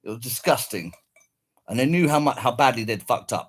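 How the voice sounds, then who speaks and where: Husky man, angry rant, swinging pitch, heavy swearing. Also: expressive, fairly quick. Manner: swearing, bitter, repetitive. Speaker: man recounting a police raid.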